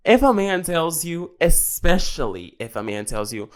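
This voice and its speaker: A man's voice: on the high side, expressive, moderate pace, few pauses, a bit bright. A young man, hosting a podcast in sassy, dramatic casual chat. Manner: sassy, dramatic, switching between English and Bulgarian. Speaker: podcast host.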